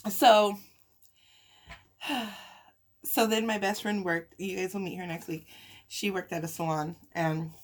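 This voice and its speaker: A woman's voice: fairly low pitch, steady tone, moderate pace. A young woman vlogger telling a personal story in casual chat while eating, emotional and chatty, sighing and laughing often. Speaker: mukbang vlogger.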